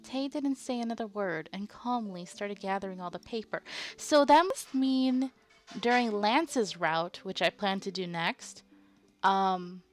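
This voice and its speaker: Chatty woman streamer reading game text. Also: medium pitch. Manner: chatty, playful, reacts to chat. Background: faint game music.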